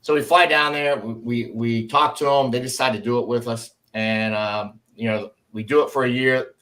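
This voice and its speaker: A man's voice: mid-range voice, normal speed. A middle-aged man, a former Army officer, telling stories in a casual podcast interview and acting out the people he quotes. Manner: animated storyteller, acts out quoted voices.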